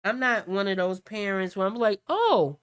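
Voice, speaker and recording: A woman hosting a painting stream, a mother telling stories in a casual, animated way and acting out what others say. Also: mid-range voice, brisk, clear, resonant tone. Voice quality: animated storytelling, acts out quoted talk. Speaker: art channel host.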